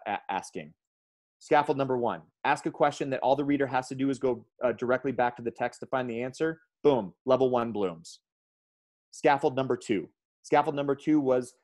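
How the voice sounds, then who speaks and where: A man giving a training talk to teachers in an energetic, emphatic way. He tells stories with punchy bursts and speaks to his listeners directly, calling them "guys.". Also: medium pitch. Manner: addresses audience as "guys". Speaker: education speaker.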